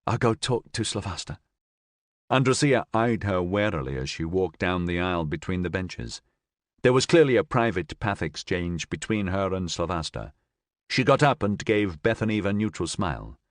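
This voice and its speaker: A man reading a science fiction audiobook as narrator, in an expressive, even-paced style on a close mic. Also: low voice, normal speed, no room sound. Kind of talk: scripted narration.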